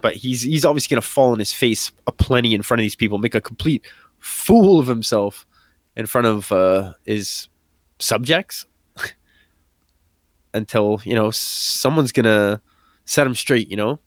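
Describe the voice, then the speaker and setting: Excited man talking fast and loose. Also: mid-range voice, dry recording, clean studio sound. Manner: animated, excited, many fillers and acted-out quotes. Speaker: podcast co-host. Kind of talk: casual chat.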